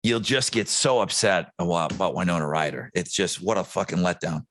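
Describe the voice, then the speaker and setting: A man co-hosting a podcast, riffing on movies in a crude, animated way and swearing often. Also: low voice, a little fast, a little hiss or hum. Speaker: podcast co-host. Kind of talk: casual chat.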